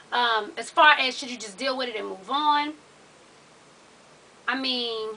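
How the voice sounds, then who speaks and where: Sassy high-voiced woman giving advice. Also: sharp tone, far from the mic. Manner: blunt, sassy and profane, addressing the viewer. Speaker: advice show host. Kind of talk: casual advice vlog.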